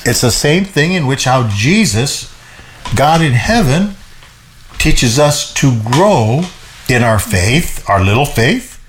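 Animated man teaching the Bible. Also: medium pitch, slow pace, slight background noise. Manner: lively, repeats words, laughs often. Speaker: Bible teacher co-hosting a show.

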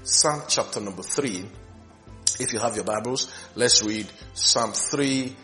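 A male pastor teaching a recorded sermon, reading scripture slowly and repeating key lines for emphasis. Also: lowish voice, pushed and bright, soft background music.

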